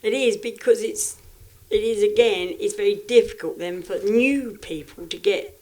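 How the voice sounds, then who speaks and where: A woman talks through her views in a casual podcast chat. She speaks frankly and reflectively, with frequent restarts, at an ordinary middle pitch. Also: moderate pace, mellow. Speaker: guest, livestock exhibitor.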